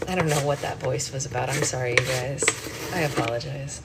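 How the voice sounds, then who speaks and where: A woman's voice: rumbling low, fairly even intonation, brisk, gravelly. A woman hosting a book club livestream, chatting casually in a bubbly, self-deprecating way into a phone. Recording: loud background noise.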